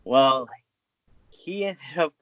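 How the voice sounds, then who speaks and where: A man's voice: mid-range voice, drawn-out words, fairly bright tone, no room sound, lo-fi sound. Man telling a rambling story. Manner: rambling, with many restarts and fillers. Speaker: interview guest, former wrestling referee. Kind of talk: casual storytelling.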